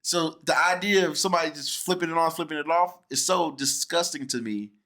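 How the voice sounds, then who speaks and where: A man's voice: fairly high pitch, brisk. A man hosting a casual film review chat with his sister, telling stories and acting out what people said. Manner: animated storyteller who acts out quoted people.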